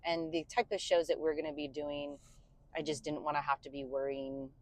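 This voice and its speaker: Woman co-host, low voice, chatty and loose, car conversation. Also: normal speed, creaky, a little mellow, low-quality recording. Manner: chatty, many fillers, sings short demo bits. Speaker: podcast co-host and bandleader singer. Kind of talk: casual chat. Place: inside a moving car.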